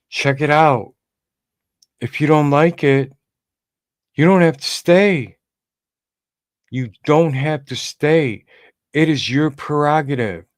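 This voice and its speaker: A man talks casually on a livestream podcast, rambling and calling out viewers by name. His voice is smooth and clear, and he speaks slowly and unhurriedly. The sound is dry and close, with no room echo. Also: mid-range voice. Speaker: podcast co-host.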